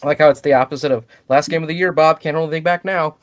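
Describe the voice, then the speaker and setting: A man's voice: a little high, fairly even intonation, racing, no room sound, faint music behind. A man co-hosting a casual sports chat, joking and contrarian, with lots of fillers and restarts. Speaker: podcast co-host.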